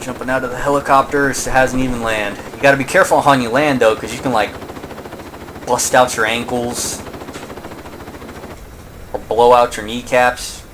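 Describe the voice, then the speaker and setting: A man gives casual let's play commentary, rambling from one joke to the next with self-mocking asides. His pitch sits in an ordinary middle range. Faint game noise runs underneath. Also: fairly even intonation, normal speed, pauses often. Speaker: gaming channel host.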